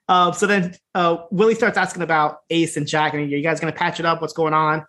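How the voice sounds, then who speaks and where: A man's voice: on the high side, a little fast. Laid-back man recapping a wrestling show. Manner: laid-back, profane, laughing, acts out quotes in animated voices. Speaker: podcast co-host. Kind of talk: casual recap chat.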